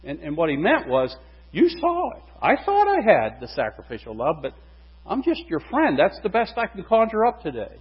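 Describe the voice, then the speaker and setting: A man preaching a sermon, animated, his voice rising and falling for emphasis. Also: high-pitched, normal speed, slightly rough. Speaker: pastor. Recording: dull, reverberant hall recording.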